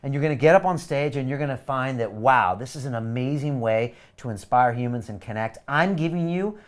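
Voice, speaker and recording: The host, a middle-aged man, talks a little fast as he pitches pushily and energetically during a live webinar, recycling the same catchphrases over and over.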